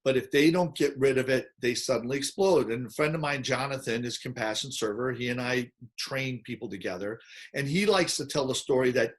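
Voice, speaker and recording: A man hosting a casual conversation, telling lively stories and acting out the people in them. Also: medium pitch, fairly quick. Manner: animated storyteller, acts out quoted voices. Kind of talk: casual chat.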